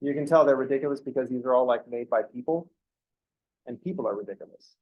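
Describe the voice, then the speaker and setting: A man's voice: mid-range voice, fast talker, lo-fi sound. A man teaching a math class, explaining step by step and breaking off into joking asides. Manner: joking asides, self-interrupting. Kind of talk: classroom lecture.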